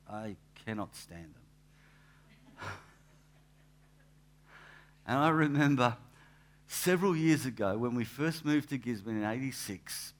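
A man, a pastor giving a relaxed, anecdotal sermon in church, with asides and restarts. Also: fairly low pitch. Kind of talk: conversational sermon.

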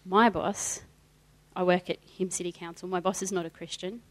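A woman's voice: lowish voice, moderate pace. Chatty woman telling a story. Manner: animated storyteller, with hesitant fillers. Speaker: guest speaker sharing a testimony. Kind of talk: personal testimony told to an audience.

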